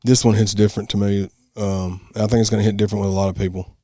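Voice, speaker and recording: A man, a rapper co-hosting a podcast, who talks in a relaxed, halting way with many fillers. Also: fairly low pitch, dry recording, studio quality. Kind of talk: casual podcast chat.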